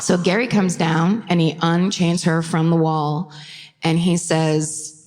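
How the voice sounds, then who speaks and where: A woman's voice: sits low, little pitch movement, slow pace, darkish tone. A woman co-hosting a live true crime podcast, telling the case casually with swearing and laughing asides. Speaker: podcast co-host. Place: theater stage before a live audience. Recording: reverberant live theater sound.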